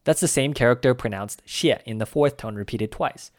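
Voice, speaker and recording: A man co-hosts a scripted language-lesson podcast. He speaks at an ordinary male pitch and teaches in an upbeat, quiz-style manner, breaking words down step by step. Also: fairly quick. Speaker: podcast co-host.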